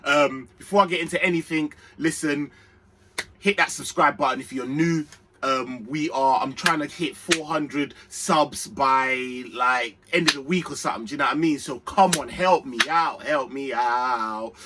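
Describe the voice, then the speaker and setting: A young man hosting an excitable, slangy fan reaction to a football match. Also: fairly high pitch, normal speed, background noise. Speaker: football channel host.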